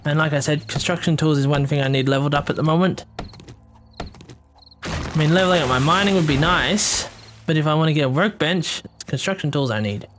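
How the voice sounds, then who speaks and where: A playful gameplay commentator talking in a hushed voice at home at night, humming silly sound effects while working. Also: mid-range voice, a little fast, background noise. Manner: hushed, keeping quiet for a sleeping household.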